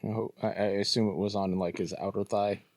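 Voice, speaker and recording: A man co-hosting a casual podcast, giving short low-key replies. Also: fairly even intonation, fairly quick, a little mellow, no echo. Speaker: podcast co-host. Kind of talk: casual chat.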